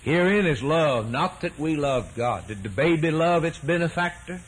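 An emphatic preacher in full sermon, his voice husky and pitched fairly high for a man. He hammers his points with repetition and rising swells. It comes through an old radio broadcast recording. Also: lively intonation, moderate pace, low-quality recording.

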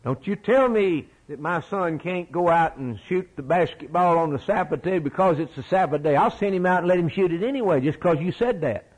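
Middle-aged preacher guy, husky voice that swings way up and down, folksy and emphatic. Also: fairly high pitch, lively intonation, brisk, hardly any pauses, darkish tone, rough recording. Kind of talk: sermon.

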